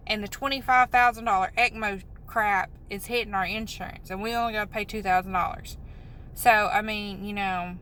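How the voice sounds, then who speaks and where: A woman's voice: a little high, bright, forceful tone, a little hiss or hum, low-quality recording. A woman venting in a rambling, upset, apologetic way in a vlog, recorded on a phone in a parked car. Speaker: vlogger.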